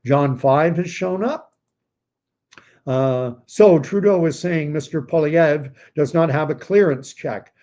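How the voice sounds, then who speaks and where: A man's voice: fairly high pitch, slow, warm tone. A man in his fifties from Canada, hosting a casual livestream and talking in a rambling, digressive way with many fillers and restarts. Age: 50s. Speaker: livestream host.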